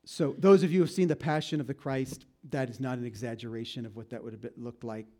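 A man preaching a storytelling sermon, retelling events dramatically and conversationally, often dropping into hushed tones and adding asides to his listeners. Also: medium pitch, steady tone, fast. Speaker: pastor.

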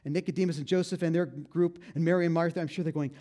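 A man preaching a storytelling sermon, retelling events dramatically and conversationally, often dropping into hushed tones and adding asides to his listeners. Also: on the high side, steady tone, quick pace, few pauses. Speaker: pastor.

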